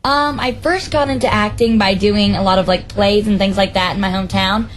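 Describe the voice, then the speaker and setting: A young woman chats as a guest on a call-in show, bubbly and full of casual fillers. Her voice sits at a middle pitch, with a light hiss of noise under it. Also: steady tone, a little fast, low-quality recording. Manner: bubbly, chatty, with many "like" and "um" fillers. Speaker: guest answering callers. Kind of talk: casual chat.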